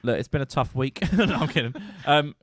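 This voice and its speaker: A British man co-hosts a music podcast, teasing and joking in loose casual chat. His pitch swings freely and sounds lively. The sound is close and dry, with no room around it. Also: a little fast, no room sound. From Britain. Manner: playful, teasing banter. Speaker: podcast co-host.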